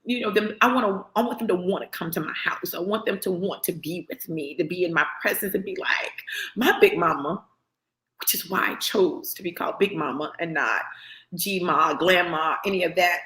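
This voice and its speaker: A woman's voice: on the low side, normal speed, sharp tone. A middle-aged woman gives a personal motivational talk. She speaks earnestly and often checks in with the listener by asking "right?". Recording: roomy echo.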